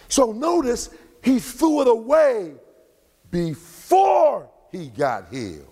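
A man preaching in a church sanctuary, his voice high and gravelly. He talks slowly and swings widely in pitch, breaking into shouts and drawn-out words. A long hall reverb trails behind him. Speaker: pastor. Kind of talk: sermon.

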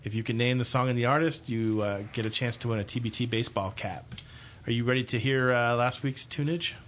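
A man's voice: medium pitch, steady tone, fairly quick, fairly bright tone, slight background noise. A man hosting a radio show, introducing a music quiz in casual, joking banter. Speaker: radio host.

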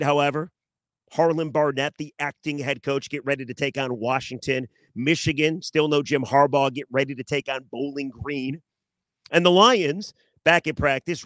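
A man's voice: fairly high pitch, fairly bright tone, dry recording. A man hosting a solo sports podcast, chatty and joking, repeating himself for emphasis.

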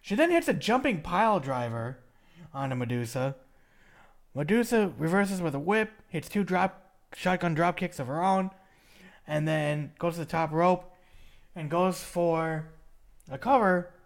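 A man hosting a casual podcast chat, rambling through a recap with laughs and restarts. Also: a little high. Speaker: podcast host recapping wrestling.

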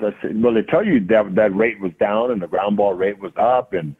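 A man, a hitting coach and podcast guest, telling a lively story and acting out the dialogue. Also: fairly low pitch, brisk, breathy edge. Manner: acts out quoted dialogue. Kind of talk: animated storytelling. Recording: tinny phone-like line.

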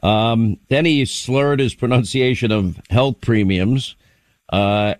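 A man's voice: mid-range voice, dry recording. A man hosting a radio talk show, giving casual commentary and laughing mockingly as he talks.

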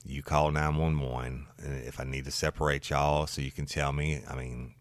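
A man, a former patrol deputy, telling a story from one of his calls in a blunt, animated way and swearing freely. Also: a bass voice, moderate pace, no room sound. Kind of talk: casual true-crime storytelling.

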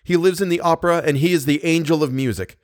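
A man's voice: a little high, fast talker, dry recording, clean studio sound, voice pushed up, lightly acted. A man reading an audiobook, voicing an earnest, agitated young nobleman who speaks insistently.

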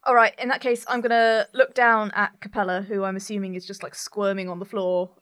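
A woman playing a tabletop game, speaking in a plain, deliberate, wry way. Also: mid-range voice, flat delivery, a bit bright. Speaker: player.

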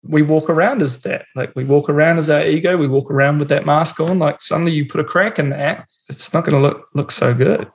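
Aussie guy, gravelly voice, kinda high for a bloke, swears a lot, chatty and blunt. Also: a little fast, hardly any pauses. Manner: blunt and swearing, animated storytelling. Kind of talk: casual chat.

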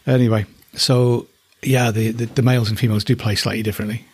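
A man's voice: medium pitch, flat delivery, fast, a little mellow, husky, no room sound. A middle-aged man from northeast England who keeps alpacas, chatting casually and fondly about them as he thinks aloud. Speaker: alpaca keeper. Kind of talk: casual spoken commentary.

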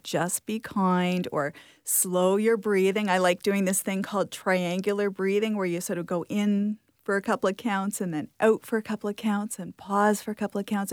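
Calm woman giving parenting advice, dry. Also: mid-range voice, dry recording. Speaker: guest parenting author. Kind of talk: interview talk.

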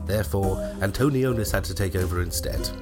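A man's voice: low-pitched, a little fast, over music. A man co-hosting a comedy podcast, reading out dates in a dry, wry way and laughing often. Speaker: podcast co-host. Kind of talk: comic scripted chat.

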